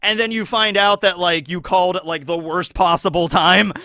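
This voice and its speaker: A man casually giving animated commentary on a story, swearing and laughing easily. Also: high voice, moderate pace, no room sound. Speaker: anime commentary YouTuber.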